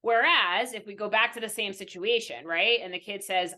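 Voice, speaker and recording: A woman's voice: medium pitch, moderate pace, bright, forceful tone. A young adult woman, a mindfulness coach on a podcast interview, explaining earnestly and checking in with "right?" after nearly every point. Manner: earnest, frequent "right?" tags, teacherly.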